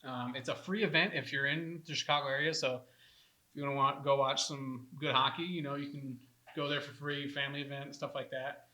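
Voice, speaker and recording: This laid-back podcast co-host, who also organizes veteran warrior hockey, rambles through the show, laughs often and keeps saying "dude." His medium-pitched voice is steady, pushed and bright, and moves a little fast.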